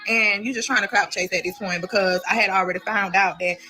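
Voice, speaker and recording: A woman's voice: mid-range voice, steady tone, a little fast, sharp tone, faint music behind. A woman telling her own prison story in a casual, blunt way, swearing freely with speech.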